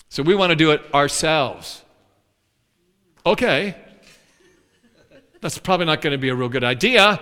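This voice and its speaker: An animated male preacher with a high, lively voice that swoops up and down. His tone is bright and forceful, and it rings out with a long reverb in a large hall. He acts out complaining voices as he preaches. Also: moderate pace, smooth. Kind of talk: sermon.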